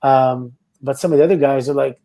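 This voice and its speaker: A middle-aged man from Canada, a former wrestler, telling stories in a relaxed, casual interview. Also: mid-range voice, racing, gravelly. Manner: relaxed anecdotal storytelling with laughs and quoted voices. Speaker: guest, former pro wrestler.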